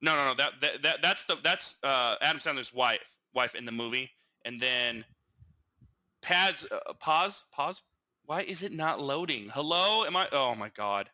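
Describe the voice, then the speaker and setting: A man's voice: medium pitch, unhurried, poor audio. A young man co-hosting a casual podcast, rambling through stories with lots of stammers and restarts. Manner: rambling, stammering, animated retelling. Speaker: podcast co-host. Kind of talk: casual chat.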